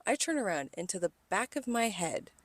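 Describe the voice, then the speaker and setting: A young woman co-hosting a podcast, telling a story in an animated way, acting out quotes and swearing. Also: mid-range voice, a little fast, dry recording. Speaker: podcast co-host. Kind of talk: casual chat.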